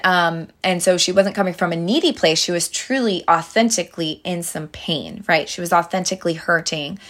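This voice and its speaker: A woman's voice: on the low side, a bit bright. A young woman talks straight to her listeners like a big sister giving dating advice. She is chatty and earnest, with plenty of fillers and restarts as she tells her stories. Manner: earnest, addresses listeners directly as girls. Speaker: dating advice podcast host. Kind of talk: casual advice monologue.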